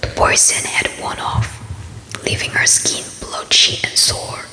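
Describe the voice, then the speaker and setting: A woman ASMR book reader narrating a story as whispered role-play, in a slow, steady, unvoiced whisper. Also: echoey room, rough recording.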